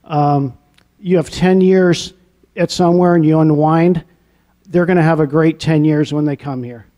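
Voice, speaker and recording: Speaking in an arena lobby, the newly appointed athletic director, a middle-aged man from New England, delivers a heartfelt press conference address and repeats words to drive points home. His voice is on the high side and dark in tone, steady and unhurried, and emotion breaks through now and then.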